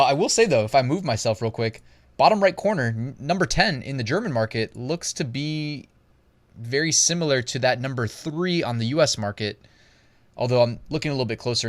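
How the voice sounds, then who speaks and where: A man hosting an online business channel, talking through screen research in a chatty way, laughing at himself and thinking aloud. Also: mid-range voice. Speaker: host.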